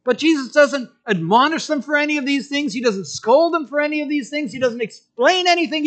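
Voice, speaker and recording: A man preaching a sermon, telling the story in an animated way and acting out quotes in different voices. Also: very high-pitched, a little fast, hardly any pauses.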